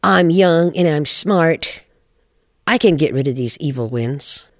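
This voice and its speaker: A man's voice: a little high, lively intonation, a little slow, no room sound, clean studio sound. A man voicing a young, foolish, cocky male bobcat begging to help. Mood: eager. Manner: eager and cocky.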